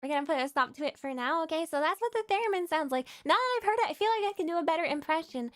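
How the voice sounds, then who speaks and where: A woman's voice: extremely high pitch, lively intonation, racing. A woman hosting a casual live stream, rambling with lots of fillers, giggling and greeting viewers. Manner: rambling, with many fillers and restarts. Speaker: VTuber streamer host.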